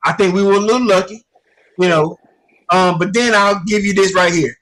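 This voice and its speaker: A man's voice: high-pitched, moderate pace, fairly bright tone, slight background noise. A man telling a long, rambling story in casual sports chat, often repeating himself. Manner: rambling storyteller, repeats "I ain't gonna lie to you". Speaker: guest commentator.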